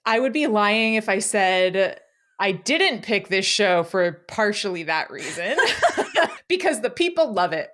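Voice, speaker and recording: A woman's voice: mid-range voice, sing-song, a little slow, fairly bright tone. Chatty woman co-hosting a watch-along. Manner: chatty, enthusiastic, giggly. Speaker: co-host of a watch-along show. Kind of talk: casual reaction chat. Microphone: video call.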